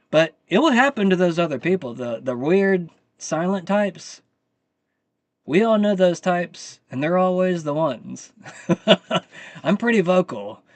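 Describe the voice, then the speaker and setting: A man with a slightly high voice hosts his own show and rants in a heated, profane way. He talks slowly and lets each jab land. The sound is close and dry. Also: no room sound. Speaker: channel host. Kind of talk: live commentary rant.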